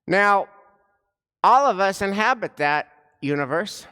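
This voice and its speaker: A man delivering a sermon as a rabbi, telling a story slowly and deliberately with dramatic pauses, recorded in a synagogue sanctuary. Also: high-pitched, lively intonation, bright, forceful tone, clean tone. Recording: long reverb of a large sanctuary.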